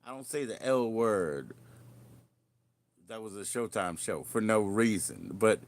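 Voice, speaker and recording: A man's voice: on the low side, big pitch swings, unhurried. A man hosting a livestream, chatting casually in a rambling, jokey and crude way. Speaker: livestream host.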